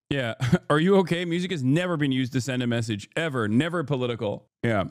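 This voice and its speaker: A man's voice: mid-range voice, dry recording, studio quality. A man streaming and reacting to clips in casual, profane, sarcastic commentary. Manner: profane, sarcastic, quick asides.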